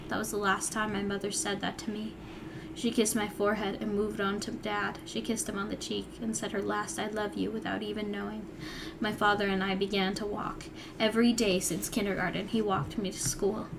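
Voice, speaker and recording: A woman's voice: mid-range voice, noisy background. A young woman vlogger reading her old story aloud and breaking off for wry, chatty asides. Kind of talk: reading aloud with casual commentary.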